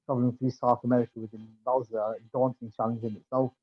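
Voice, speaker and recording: A man's voice: medium pitch, little pitch movement, fast, narrow, tinny audio. A man guest in a casual interview, talking with many restarts and fillers. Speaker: podcast guest.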